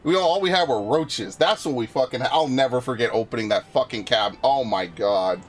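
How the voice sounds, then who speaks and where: While streaming a game, a young man tells stories to a friend in casual, profane chat. His medium-pitched voice is animated and fairly quick.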